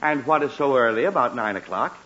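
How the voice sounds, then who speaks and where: A man's voice: medium pitch, expressive, fairly quick, pushed and bright, breathy edge, lo-fi sound. An actor playing a flustered, easily exasperated middle-aged father in a 1940s radio comedy, stammering and sputtering. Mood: lecturing. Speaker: family father in a sitcom. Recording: hissy old radio recording.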